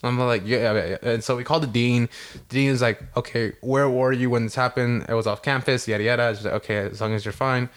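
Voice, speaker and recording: A young man spins a casual podcast story with lots of swearing. He jumps into quoted lines as he acts out the scene, and his voice sits at an ordinary male pitch. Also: steady tone, fast. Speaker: podcast co-host.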